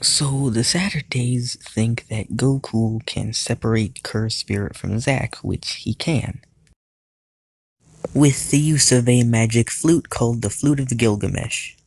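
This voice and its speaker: A man's voice: mid-range voice, takes it slowly, vocal fry, slightly rough, dry recording. A man narrating a recap of a cartoon series as a YouTube reviewer, playful, with jokey asides to the viewer. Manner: grows louder and more animated in the climax.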